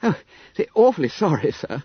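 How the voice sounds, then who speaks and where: A man's voice: on the high side, very animated, brisk, slightly rough, no echo, pitched above the performer's own voice, heavily acted. A man voicing an eager, boisterous teenage schoolboy who speaks in exclamations. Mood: dismayed. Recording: dull, dry audiobook recording.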